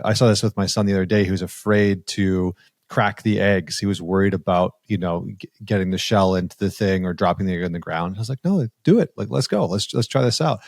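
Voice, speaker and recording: A man hosting a podcast, asking long questions in a relaxed, curious way. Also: fairly low pitch, no room sound, clean studio sound. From Canada (Alberta). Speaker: podcast host. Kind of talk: casual podcast interview.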